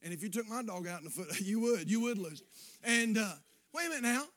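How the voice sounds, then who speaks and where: A man preaching a sermon in a folksy way, dropping to quiet asides and rising to shouts. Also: sits high, expressive, quick pace. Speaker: pastor.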